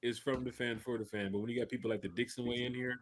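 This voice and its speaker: A man hosting a casual sports podcast, energetic and slangy, often repeating himself. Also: mid-range voice, fast talker, crowd noise. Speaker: podcast host.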